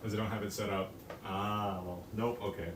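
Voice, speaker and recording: A man's voice: fairly low pitch, flat delivery, moderate pace. A teenage boy live-streaming while he bakes, chatting in a rambling, self-mocking way and swearing casually. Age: teens. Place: home kitchen. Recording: echoey room, distant mic, noisy.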